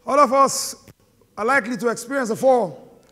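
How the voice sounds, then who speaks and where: A middle-aged man with a Nigerian accent, preaching an animated, joking sermon to a live congregation. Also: very high-pitched, normal speed. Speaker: pastor. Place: large hall with live congregation. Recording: long hall reverb.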